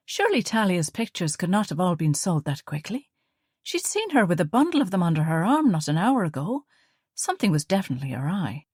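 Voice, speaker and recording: Woman audiobook narrator, low-ish voice, dry close studio sound, measured. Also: big pitch swings, a little mellow, slightly rough, no echo. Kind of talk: scripted narration.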